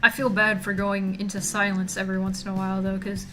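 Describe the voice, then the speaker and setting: Bright-voiced woman chatting on stream. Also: medium pitch, monotone, fast, faint music behind. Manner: chatty and joking, reading chat aloud. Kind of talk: casual stream chat. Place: home streaming setup.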